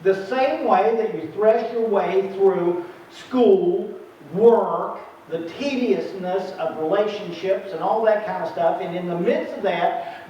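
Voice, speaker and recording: High-voiced preacher in an echoey church. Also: male voice, unhurried, slight background noise. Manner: animated preaching, acting out biblical voices, chuckling asides. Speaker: pastor. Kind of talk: sermon. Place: church sanctuary. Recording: distant, echoey, muffled room recording.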